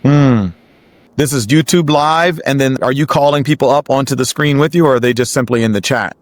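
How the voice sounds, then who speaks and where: A man's voice: mid-range voice, a little fast, no echo. A man hosting an interview who asks easygoing, encouraging questions in a casual way. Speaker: podcast host.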